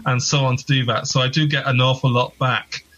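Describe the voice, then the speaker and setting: A man's voice: mid-range voice, flat delivery, fairly quick, fairly bright tone, dull audio, a little hiss or hum. A man, a podcast guest chatting casually with dry, self-deprecating humour. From England. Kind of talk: casual interview chat.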